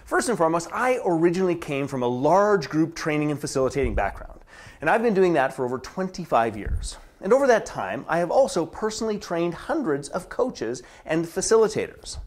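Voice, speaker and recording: Speaking fairly quickly in a mid-range voice with big swings in pitch, this business strategist gives a scripted promotional address. He plays out opposing inner and outer voices, dropping to a whisper to drive points home.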